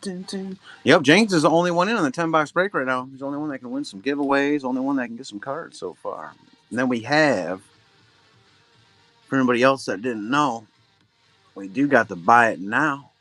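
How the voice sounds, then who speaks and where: A man's voice: mid-range voice, brisk, a bit bright, soft background music. A middle-aged man hosting a live card-break stream, chatting loosely and humming little filler sounds between remarks. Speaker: livestream card-break host. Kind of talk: casual live-stream chat.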